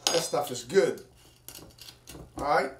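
Recorded far from the mic in a roomy space with a noisy background, this home cocktail maker chats casually to viewers while making a drink. His fairly high voice is expressive and slow as he rambles through the cooking vlog.

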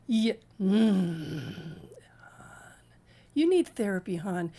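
A woman hosting a commentary channel reacts to a clip, talking back at it in an exasperated, stammering way. Her voice is high and expressive, and she speaks a little slowly.

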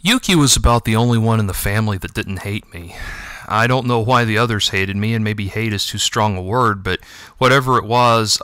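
A man reads a first-person story aloud in a gentle, reflective, wistful way. His voice is fairly low yet bright, smooth and crisp. The recording is close and dry. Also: dry recording. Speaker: audiobook narrator and author. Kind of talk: first-person audiobook narration.

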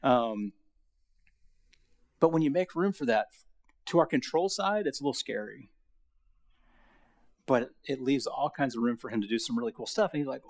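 A man's voice: mid-range voice, animated, normal speed, long pauses. A middle-aged man giving a Bible lecture to a college audience, talking in a casual, storytelling way with many fillers. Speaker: guest lecturer.

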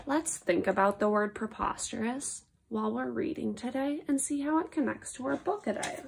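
A woman's voice: on the high side, moderate pace, vocal fry, a little hiss or hum. A woman reading a picture-free book aloud to children as a lesson, reacting with playful, exaggerated surprise to the silly words.

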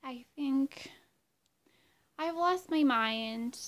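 A woman's voice: high voice, drawn-out words, fairly bright tone, full character voice. A woman doing an impression of a flirty, doting pop-star woman who cooes, blows kisses and talks about herself by name.

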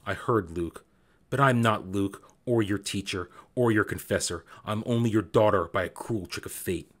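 A man reading aloud as a defiant young woman who makes sharp, angry demands. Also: on the low side, moderate pace, voice pushed down, natural voice.

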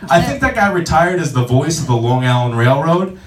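A man doing a stand-up comedy set in a comedy club, brash, profane and animated. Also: fairly high pitch, a little fast. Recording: roomy club sound from a distance, audience.

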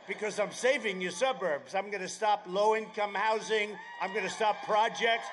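A man giving a political rally speech outdoors at an airfield. He rambles, drifts into sarcastic asides, and bursts into shouting. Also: sits high, normal speed, hardly any pauses, slight background noise. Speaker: campaign speaker.

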